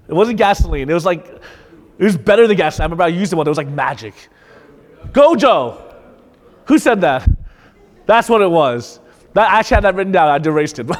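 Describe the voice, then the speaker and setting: A man preaching a sermon in a conversational, animated way, often restarting his sentences. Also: high-pitched, in a large hall. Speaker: pastor.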